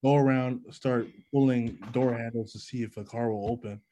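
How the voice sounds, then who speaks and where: A young man in casual chat, telling a story in animated, profanity-laced slang. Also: mid-range voice, normal speed, slight background noise, low-quality recording.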